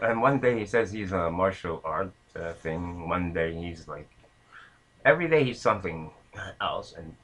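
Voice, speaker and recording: A man's voice: low voice, bright, forceful tone, breathy edge, rough recording. A man casually telling a long anecdote, rambling with many fillers and restarts. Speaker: storyteller.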